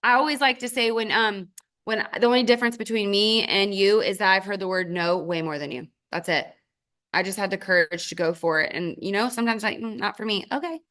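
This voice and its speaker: A woman and mother speaking as a guest trainer, giving a motivational sales talk in short, emphatic commands with sudden jumps in pitch for stress. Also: a little fast, a bit bright. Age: adult with children. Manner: addresses the audience directly in short commands.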